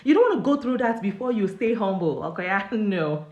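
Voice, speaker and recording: Animated Nigerian woman telling a story. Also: fairly quick, roomy sound, lo-fi sound. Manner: animated storytelling, with swings up in pitch. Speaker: host. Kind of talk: casual live-stream chat.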